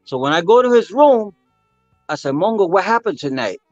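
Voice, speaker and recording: An older man, a percussionist, telling a story with animated energy, acting out voices and singing rhythms. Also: high voice, normal speed, dry recording, lo-fi sound, soft background music. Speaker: percussionist guest. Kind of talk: storytelling interview.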